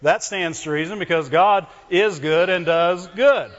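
A man preaching a sermon to his church, talking conversationally, calling for amens, and swinging between loud emphasis and quiet low asides. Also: unhurried. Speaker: pastor. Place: church hall. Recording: muffled lo-fi recording in a reverberant hall.

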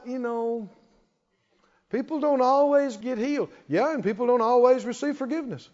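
A man preaching a sermon as pastor, leading the congregation in call-and-response and building to emphatic shouts. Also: very high voice. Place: church sanctuary. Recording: reverberant hall, dull lo-fi sound.

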